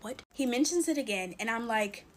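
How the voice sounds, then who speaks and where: Playing with slime, a woman in her twenties tells a casual TikTok storytime, using lots of fillers and addressing viewers as "y'all." Her voice is on the high side, animated and a little fast, over slight background noise.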